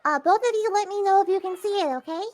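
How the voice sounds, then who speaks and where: A woman's voice: very high-pitched, quick pace, a little mellow. A woman hosting a game stream, chatting casually, giggling often and explaining the story to her co-hosts. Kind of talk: casual chat.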